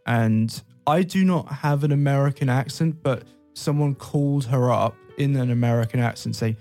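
Dark gravelly British man chatting. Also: mid-range voice, normal speed, few pauses, faint music behind. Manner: chatty storyteller, laughs often. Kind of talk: casual chat.

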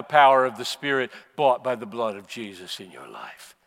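A man in his seventies with an American accent, preaching a sermon at a conference and swinging from low, quiet stretches up to emphatic, passionate peaks. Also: very animated, moderate pace, creaky, big-room sound. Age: 70s. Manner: impassioned, surging to emphatic peaks then dropping low. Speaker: pastor. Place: conference hall.

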